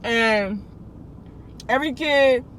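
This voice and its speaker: Speaking slowly, a young vlogger with a high voice shares a relaxed storytime on her channel, full of slang, false starts, and side comments to her audience. Her voice is a touch bright, and the audio quality is poor.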